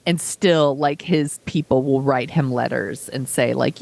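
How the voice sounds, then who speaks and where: A woman's voice: extremely low pitch, gravelly, a little mellow. A woman co-hosting a casual podcast, chiming in with sarcastic remarks. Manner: sarcastic, quick interjections. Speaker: podcast co-host.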